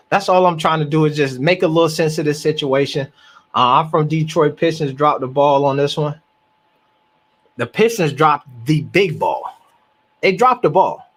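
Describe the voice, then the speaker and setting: Male live-stream reaction host, high voice, emphatic, restarts often. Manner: animated, emphatic, repeats words while thinking.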